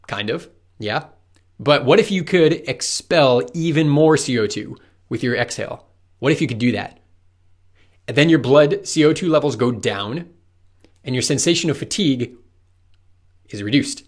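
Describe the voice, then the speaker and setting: Casual-talking male running coach. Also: medium pitch. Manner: conversational, asks the listener rhetorical questions. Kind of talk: coaching explainer video.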